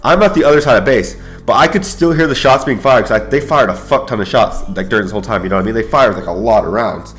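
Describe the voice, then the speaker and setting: A young man telling a wild story in a slangy, profane, excitable way, often calling his listeners bro. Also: mid-range voice, fast talker, few pauses, faint music behind. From United States. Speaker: YouTuber and Air Force veteran. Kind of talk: casual storytelling.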